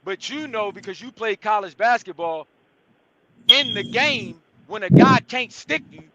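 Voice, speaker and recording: A man's voice: sits high, lively intonation, a little slow, heavy background noise. A man making his point as a panelist in a casual debate, insistent and repetitive.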